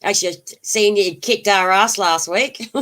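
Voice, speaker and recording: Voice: mid-range voice, slow, fairly bright tone. A livestream host who chats casually, laughs often and answers viewers' comments. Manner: laughs often, chatty and rambling, answers chat.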